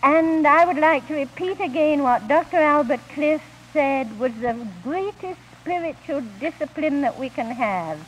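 A woman speaking at a 1950s Christian camp meeting, gently telling homely stories as she ministers, on an old archival recording. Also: sits high, rough recording. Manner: gentle storytelling with homely anecdotes. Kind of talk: 1950s recorded devotional talk.

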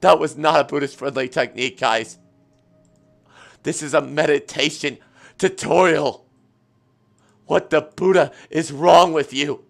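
A man's voice: a little high, unhurried, gravelly, long pauses, soft background music. A male streamer hosting a comedic meditation bit, sounding flustered and exasperated as he complains. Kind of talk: comedic live-stream chat.

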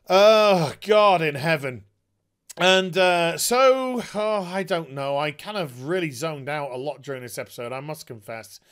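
A man's voice: fairly high pitch, a little slow, a bit bright, smooth. A man reviewing a TV episode in a sarcastic, exasperated rant, swearing freely. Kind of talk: ranting show review.

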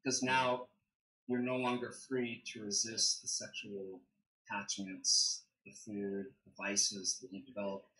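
A man who is a deacon and theologian, explaining ideas in a measured, thinking-aloud way as a guest on a livestream discussion. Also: fairly low pitch, level tone, pushed and bright. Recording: echoey room.

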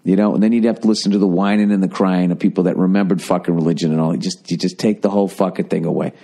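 A man's voice: low-pitched, steady tone, racing, mellow. A middle-aged man hosting a comedy podcast, ranting with lots of swearing and slipping into mocking voices. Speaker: podcast host.

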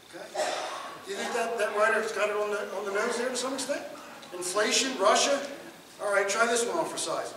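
A man's voice: high voice, animated, brisk, sharp tone. An older man giving a public history lecture in a joking, folksy storytelling way. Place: lecture hall. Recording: roomy, distant hall recording with noise.

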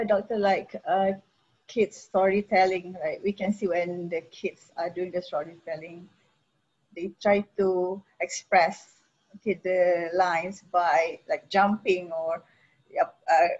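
A woman moderating an online workshop, asking halting, hesitant questions. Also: fairly low pitch, steady tone, breathy edge. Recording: dull lo-fi call audio.

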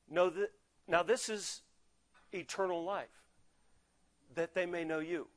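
Man, pastor, storytelling sermon, higher voice, acts out quotes. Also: slow pace, long pauses. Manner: animated, acts out quoted dialogue.

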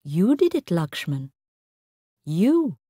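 A woman voicing a tall, composed stepmother who speaks in a cool, measured, quietly firm way in a read-aloud story. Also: fairly low pitch, sing-song, breathy edge, no echo, clean studio sound, full character voice.

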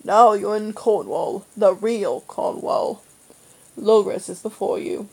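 A woman voicing a stern, eccentric old male scholar in a storybook reading, speaking briskly and gruffly. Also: medium pitch, exaggerated voice, low-quality recording. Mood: shouting.

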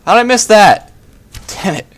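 A man doing gaming commentary in an excitable, goofy way, shouting and laughing at what happens on screen. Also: sits high, moderate pace. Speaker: gamer, channel host.

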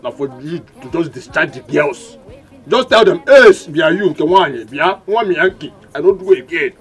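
A chatty Nigerian Pidgin-speaking friend. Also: male voice, on the high side, moderate pace, slightly rough. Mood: advising. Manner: animated, peppered with "eh?". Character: chatty male friend giving street advice.

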